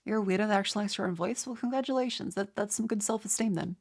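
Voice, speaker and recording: Getting over a cold, a young woman with a nasal Australian voice rambles and stutters through casual chat with her viewers, restarting again and again. Her voice is mid-range, and she talks very fast.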